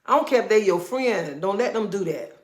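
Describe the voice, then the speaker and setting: A woman's voice: mid-range voice, brisk. Chatty woman telling stories, echoey room. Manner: animated storytelling with Southern-style speech. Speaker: livestream host. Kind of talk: casual livestream chat.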